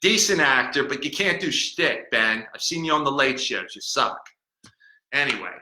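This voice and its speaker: Playing a cranky, boastful talking bottle on his comedic podcast, the host rambles, mocks and fumbles his words. His mid-range voice sounds pushed and bright, with a little hiss or hum, in an echoey room.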